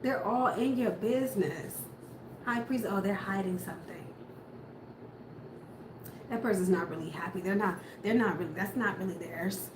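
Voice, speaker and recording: Speaking at normal speed with long pauses, a medium-pitched woman gives an informal tarot reading. She muses aloud, doesn't mince words, and swears casually. Background noise is audible in the echoey room.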